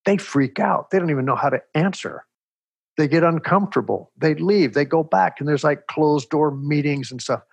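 An older man from Texas, an interview guest telling stories in a measured, reflective way, with a husky voice. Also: a little high, dry recording. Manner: measured, reflective, animated storyteller. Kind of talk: storytelling in conversation.

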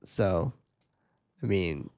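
A low-pitched, slightly mellow man co-hosts a casual podcast, reading a film's plot summary aloud and joking about it with a friend. He talks very slowly and expressively, laid-back and laughing at his own asides, in a dry, clean studio recording.

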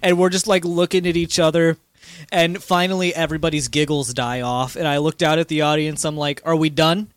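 A man co-hosts a casual podcast and tells a story in a chatty, giggly way. His voice sits a little higher than most men's. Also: level tone, a little fast, smooth, dry recording. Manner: chatty, laughs easily. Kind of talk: casual chat.

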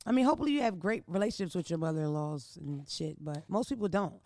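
A woman's voice: on the low side, animated, quick pace, no room sound. Blunt, profane woman podcast host. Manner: loud, blunt and profane, ranting. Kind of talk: casual podcast chat. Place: indoor recording room.

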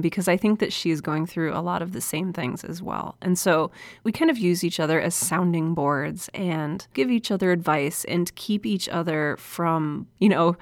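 A woman's voice: on the low side, no room sound. A woman hosting her own solo podcast, speaking earnestly and confessionally into a close microphone, with an encouraging manner. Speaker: podcast host. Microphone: close studio mic.

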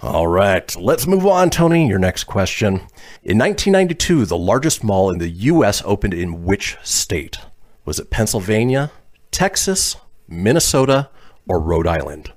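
A man's voice: lowish voice, sing-song, normal speed. A man hosting a casual trivia podcast, reading multiple-choice questions and laughing often. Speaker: quiz host.

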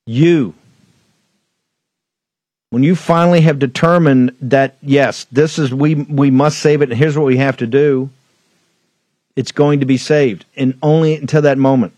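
A man's voice: mid-range voice, fairly even intonation, normal speed, a little mellow, dry recording. A man hosting a political talk show, delivering fiery, emphatic, repetitive commentary. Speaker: host.

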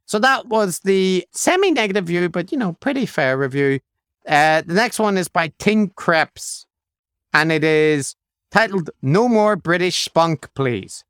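A male podcast host reads listener reviews aloud in a relaxed chat, slipping in wry jokes. His voice sits a little high for a man and comes through smooth and clear. The sound is close and dry, with no room around it. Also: no room sound. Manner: wry, joking, quick asides.

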